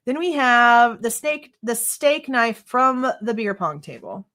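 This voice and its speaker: A woman's voice: on the high side, animated, slow pace, pushed and bright. A woman hosting a live true crime stream, reading court documents aloud and ranting in exasperation, swearing freely. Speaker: true crime livestream host.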